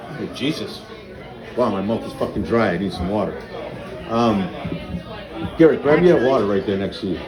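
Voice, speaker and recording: In an echoey small bar, a crowd responds to a stand-up comedian at open mic night. His fairly quick, expressive, lowish voice pauses often as he delivers crude, profane stories and plays out the dialogue.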